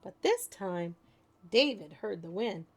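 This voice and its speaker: A woman reading children's stories and rhymes aloud, expressive and animated. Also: mid-range voice, takes it slowly. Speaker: storyteller. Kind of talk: children's storybook read-aloud.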